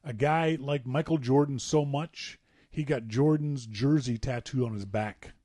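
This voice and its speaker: A man's voice: medium pitch, unhurried, dry recording, clean studio sound. A man co-hosting a podcast, telling stories in a playful, laughing way. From Canada. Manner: animated, playful storyteller who laughs at his own tales. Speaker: podcast co-host. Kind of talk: casual storytelling chat.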